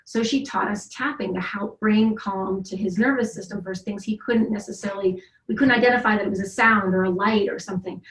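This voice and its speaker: A woman's voice: medium pitch, fairly even intonation, brisk, few pauses. A middle-aged woman tells a long family story in a loose, rambling way and keeps restarting her sentences. Her voice sits mid-range, and the room adds a noticeable echo. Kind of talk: casual conversation. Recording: roomy echo.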